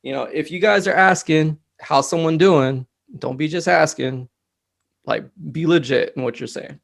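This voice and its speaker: Male guest, slightly higher pitch, gravelly, easygoing chat with lots of "you know"s. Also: normal speed. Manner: relaxed, conversational, many fillers. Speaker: mental health technician guest. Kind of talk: casual conversation.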